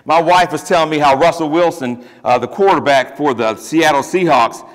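A man preaching a sermon as pastor, emphatic and lively with joking asides, then leading a closing prayer. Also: a little high, moderate pace. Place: church sanctuary. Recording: long reverb of a church hall.

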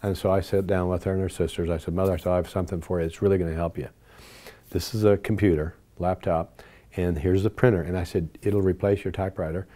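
Older man, mellow lowish voice, earnest reminiscing, lively in dialogue. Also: quick pace. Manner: earnest, animated when quoting dialogue. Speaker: interview guest. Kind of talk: personal storytelling.

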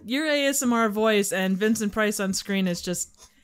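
A woman's voice: medium pitch, moderate pace, clear, resonant tone. A woman guesting on a casual movie commentary, giggly and teasing.

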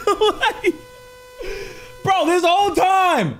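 A young man commentating a horror game, excitable and loud, swearing and yelling at the game, with game music playing behind him. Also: very high voice, unhurried. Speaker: gaming streamer.

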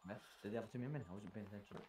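A man with a Scottish accent casually calling hockey plays in quick excitable bursts, swearing freely. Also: fairly low pitch, reverberant, far from the mic, slight background noise. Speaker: play-by-play commentator. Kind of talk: casual game commentary.

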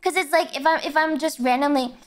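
A young woman with a high, bright voice talks to her stream in a loose, ranting way. She swears freely and keeps breaking into excited yelps mid-thought. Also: quick pace. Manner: ranting, blunt, swears a lot. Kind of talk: casual livestream chat.

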